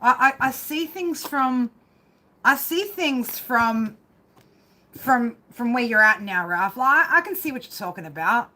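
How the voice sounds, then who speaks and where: A woman with a slightly high, bright, forceful voice and lively intonation does an unhurried live tarot reading on a stream. Her manner is rambling, casual and profane, with "right?" closing nearly every phrase.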